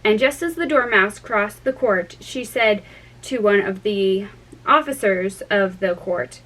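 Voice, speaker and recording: A woman reading a storybook aloud in steady narration, with small restarts. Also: medium pitch, a little slow, rough recording. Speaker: reader.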